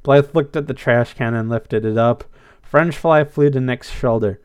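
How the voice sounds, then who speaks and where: A man narrating a story aloud in an expressive, lively way. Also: medium pitch, a little slow, smooth. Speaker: story reader.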